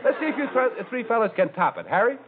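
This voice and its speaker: A man hosting a 1940s radio comedy panel show, brisk and jovial, chuckling as he moves the show along. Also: very high voice, big pitch swings, noisy background. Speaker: quiz show host. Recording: tinny old radio broadcast with studio audience.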